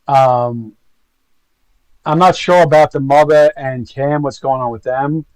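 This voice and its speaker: A man's voice: mid-range voice, unhurried, darkish tone, no echo, rough recording. A man giving casual, rambling, gossipy commentary to his stream viewers. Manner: rambling, gossipy, full of fillers.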